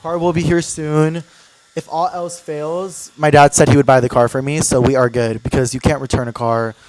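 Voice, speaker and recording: A man's voice: fairly high pitch, level tone, moderate pace, a little mellow. A young man hosting a podcast, chatting casually and telling a story, swearing often and acting out the people he quotes. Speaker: podcast host. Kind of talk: casual chat. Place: apartment room.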